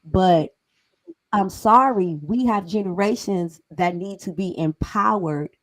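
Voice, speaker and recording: Middle-aged woman host, casual panel talk, emphatic and preachy, mid-pitched. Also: takes it slowly, rough recording.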